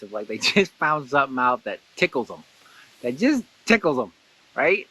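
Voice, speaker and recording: A man hosting a casual guided blessing exercise, animated and laughing often, jumping into excited high voices when he quotes someone. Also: brisk, husky. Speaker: host guiding a blessing exercise. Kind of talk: casual guided meditation talk.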